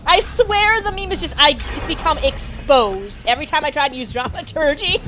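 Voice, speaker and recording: A woman chats her way through a game stream, excitable and full of jokes. Her voice sits high and swings widely. Music plays clearly behind her. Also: normal speed. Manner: excitable, jokey, talks to the game characters. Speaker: gameplay streamer. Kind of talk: casual gameplay commentary.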